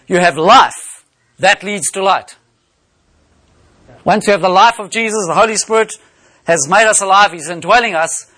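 A man with a notably high-pitched voice delivers a sermon. He works through scripture in a measured, teaching manner, reading verses aloud and explaining them. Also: sharp tone. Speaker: preacher.

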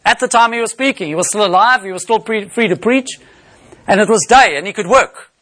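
A man preaching a sermon, expounding a Bible passage and reading scripture aloud in a measured way. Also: high voice, fairly bright tone.

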